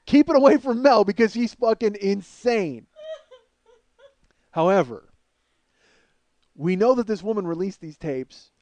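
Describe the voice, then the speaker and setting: A man hosting a comedy podcast, riffing through a profane, animated monologue. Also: sits high, a little slow, pauses often, no echo.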